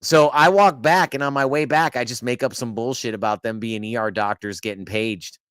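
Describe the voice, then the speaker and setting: A man's voice: medium pitch, moderate pace, a bit bright. A man in the middle of his range, animatedly telling a story as a podcast host. He stumbles and restarts, drops the odd curse, and laughs partway through. The sound is dry, with no room echo. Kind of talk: casual storytelling chat.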